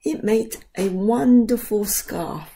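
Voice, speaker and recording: Brief: a generous, gentle giant, read by a woman, slow and soft-toned. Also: medium pitch, husky. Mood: kind.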